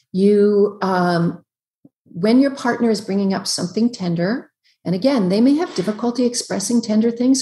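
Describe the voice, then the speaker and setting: A woman psychologist giving relationship advice as a podcast guest over a video call, emphatic and explanatory, running through quick lists. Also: mid-range voice, warm tone, reverberant. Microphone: computer on a video call.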